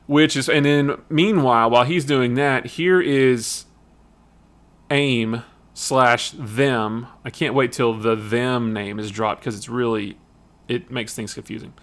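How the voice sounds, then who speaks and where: A man hosting a casual comic review livestream, talking in a rambling, animated way with many restarts. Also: mid-range voice, takes it slowly. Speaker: comic book streamer.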